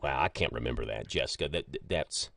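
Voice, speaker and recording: A man, hosting a casual morning radio show and chatting in a joking, animated way. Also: very deep voice, fairly quick, creaky, dry recording. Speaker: radio host. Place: radio studio. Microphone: studio microphone.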